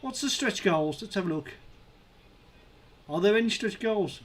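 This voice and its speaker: Excitable high-voiced man streaming live. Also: a little slow. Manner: excitable, counting numbers aloud, shouting at milestones. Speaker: streamer hosting a live crowdfunding watch.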